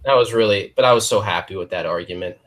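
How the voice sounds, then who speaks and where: A young man co-hosting a podcast rambles through stories in casual chat, repeating himself, restarting often, and saying "like" and "dudes" a lot. He talks fast in a lowish voice over a noisy crowd.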